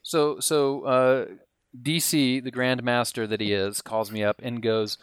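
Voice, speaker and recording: Smooth-voiced man telling a story. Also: medium pitch, measured pace, no room sound, clean studio sound. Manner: animated, acts out quotes, laughs mid-story. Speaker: podcast guest telling a story. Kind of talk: casual storytelling.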